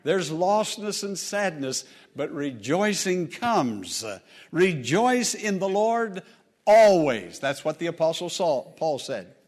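A man preaching in a church service, his voice pitched high. He drives his sermon with emphatic repetition, calling out to the congregation. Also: sing-song, takes it slowly. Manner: emphatic, repeats phrases for emphasis. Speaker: pastor.

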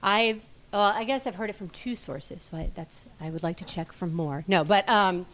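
A woman guest on a podcast, talking with eager enthusiasm in a voice of middle pitch. She tells stories in a lively, animated way. Her manner stays friendly and casual. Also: moderate pace. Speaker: podcast guest and host of her own show. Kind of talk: casual chat.

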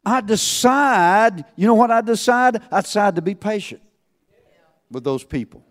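This preacher speaks to his congregation in a high voice with lively intonation and no rush. Rhetorical questions punctuate his shifts from loud appeals to soft asides.

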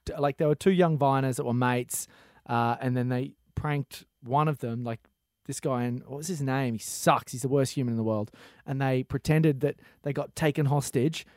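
A young man co-hosting a radio podcast, excitable and rambling, joking his way through casual chat. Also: mid-range voice, normal speed, no echo, studio quality. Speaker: podcast co-host.

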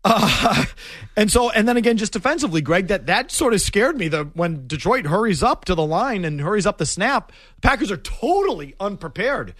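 A man's voice: high-pitched, normal speed, no echo. A man hosting a sports talk show, ranting in an emphatic, exasperated way. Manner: animated, emphatic, exasperated rants.

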